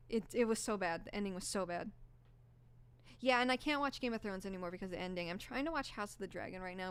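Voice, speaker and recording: A young woman streamer in casual live-stream chat, rambling and gushing with lots of fillers, her voice a bit hoarse. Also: mid-range voice, fairly bright tone.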